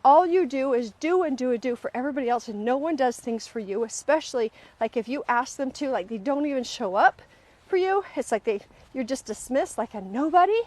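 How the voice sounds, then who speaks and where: A woman's voice: sits high, fairly quick, no echo. A middle-aged woman hosting a live self-help session, talking casually and with plenty of animation to her audience, and often acting out the voices of people in her stories. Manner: animated storyteller, often acts out quoted voices. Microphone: livestream camera mic.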